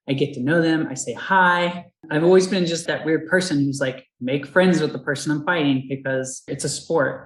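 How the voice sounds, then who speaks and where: A woman's voice: low-pitched, echoey room, poor audio. A woman who fights and coaches Muay Thai, telling her story candidly in a casual interview, laughing often and acting out the people she quotes.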